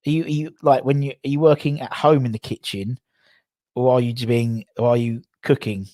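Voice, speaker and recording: A man's voice: mid-range voice, steady tone, a little fast, mellow, dry recording. A man, chatting casually on a livestream, rambling and self-correcting as he reads out viewer comments. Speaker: livestream host.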